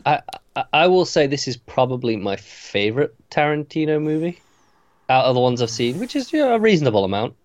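A man co-hosting a casual movie-ranking chat, talking in a wry, lively way. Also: medium pitch, brisk. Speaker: podcast co-host ranking movies.

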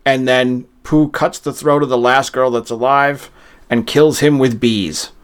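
A man's voice: medium pitch, fairly even intonation, measured pace, clear, resonant tone. A man co-hosting a podcast, speaking bluntly and critically in casual chat. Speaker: podcast co-host.

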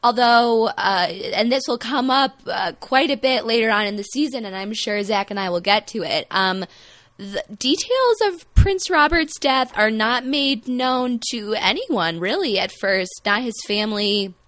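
A young woman from the American Midwest with a Midwestern accent, co-hosting a casual podcast in a chatty, self-deprecating, animated way. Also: a little high, unhurried, no echo. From Midwestern United States. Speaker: podcast co-host.

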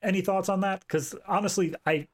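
A man's voice: sits high, fairly even intonation, fairly quick. A man co-hosting a film podcast, talking casually with dry humour. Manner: wry, dry jokes. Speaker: podcast co-host. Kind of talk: casual film review chat.

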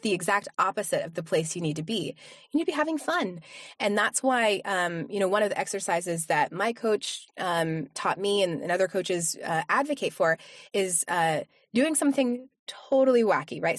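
A woman's voice: mid-range voice, expressive, normal speed, no echo, clean studio sound. A woman voice coach, a podcast guest, talking casually with many fillers and restarts. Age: adult with young kids. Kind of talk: casual interview chat.

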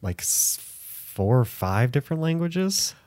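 A man's voice: medium pitch, very animated, slow, a little mellow, dry recording, studio quality. A man co-hosting a podcast, rambling in casual chat with lots of filler words. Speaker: podcast co-host.

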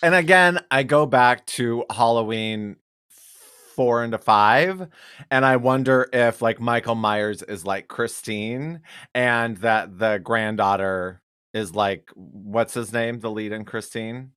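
Man, podcast co-host, animated storyteller, swears casually, acts out quotes, dry close recording. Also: mid-range voice, takes it slowly, clean tone, no echo. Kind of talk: casual chat.

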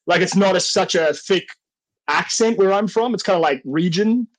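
Goofy high-voiced Australian man. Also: moderate pace, poor audio. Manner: goofy, self-deprecating, rambling with many fillers. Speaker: podcast guest. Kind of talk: casual podcast chat.

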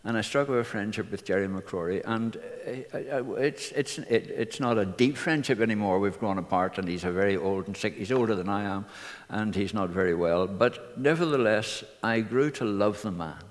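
A man's voice: fairly low pitch, normal speed. An older man, a minister earnestly telling personal stories to his congregation. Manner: earnest anecdotal storytelling. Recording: reverberant hall.

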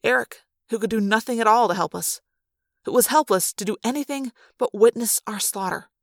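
A woman narrating a fan-read audiobook, telling the story in an expressive, dramatic way. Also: a little high, fairly quick, dry recording, studio quality. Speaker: audiobook reader.

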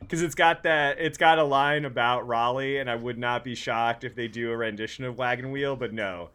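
A man chatting casually as a podcast co-host, talkative and quick to laugh, with lots of filler words. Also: mid-range voice, steady tone, a crowd in the background. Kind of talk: casual chat about music. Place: lives in North Carolina.

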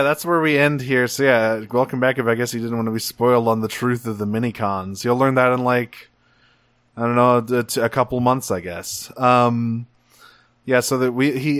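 A man's voice: mid-range voice, normal speed, a bit bright, no echo. A man co-hosting a podcast, talking casually and enthusiastically, rambling a bit and swearing now and then. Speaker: podcast co-host. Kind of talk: casual chat.

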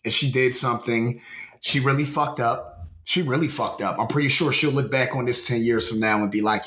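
A man's voice: mid-range voice, fairly quick, roomy sound. A man co-hosting a podcast in casual chat, swearing a lot and repeating his words as he talks. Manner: profane, animated, repeats words. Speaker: podcast co-host.

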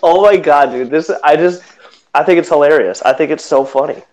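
A man's voice: fairly high pitch, brisk, a little mellow. A man in a casual book club chat, amused, who also reads a passage aloud.

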